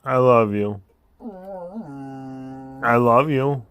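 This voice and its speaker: A woodworker talking slowly to his dog, teasing and doting on her. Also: medium pitch, a bit bright, soft background music. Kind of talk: casual talk to a pet.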